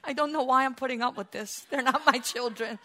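A woman's voice: sits high, fairly quick, pushed and bright, voice pushed up. A woman voicing a weary, exasperated old male prophet who pleads and complains, in a sermon.

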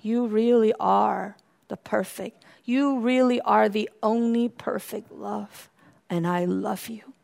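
Slow, impassioned woman preaching a sermon. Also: medium pitch, fairly even intonation, creaky. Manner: swings from hushed murmurs to fervent near-shouting.

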